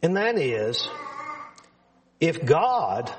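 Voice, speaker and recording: Slow, lively high-voiced male preacher. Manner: earnest, emphatic, repeats words for stress. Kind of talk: sermon.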